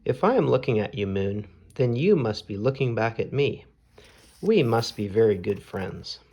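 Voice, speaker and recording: A man voicing a gentle, earnest, sentimental male owl from a children's storybook, speaking in simple, sincere sentences. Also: lowish voice, animated, normal speed, creaky, slightly rough, full character voice. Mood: wistful.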